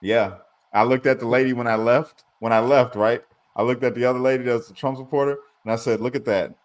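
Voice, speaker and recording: A man's voice: medium pitch, steady tone, fairly quick. A man hosting a podcast, tired, telling a story in casual chat and swearing freely. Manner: swearing, laid-back storyteller. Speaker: podcast host.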